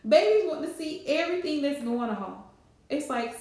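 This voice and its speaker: A woman's voice: high-pitched, sing-song, normal speed, a little mellow. A woman, chatting casually on a live stream with playful scolding asides. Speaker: livestream host. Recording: very echoey room.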